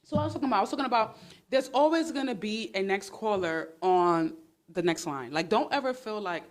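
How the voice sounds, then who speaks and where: A woman hosting a casual livestream on her phone, talking in a sarcastic, exclamatory and animated way. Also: medium pitch, brisk. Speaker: livestream host.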